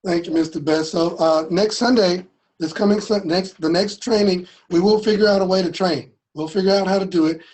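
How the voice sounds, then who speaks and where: A man co-hosting a training call, making relaxed, casual announcements. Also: high voice, fairly quick, rough recording.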